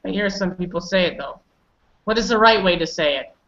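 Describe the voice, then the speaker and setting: A woman's voice: lowish voice, brisk, fairly bright tone, muffled recording. A woman teaching English pronunciation, patiently correcting students and calling on them by name. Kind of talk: online pronunciation lesson.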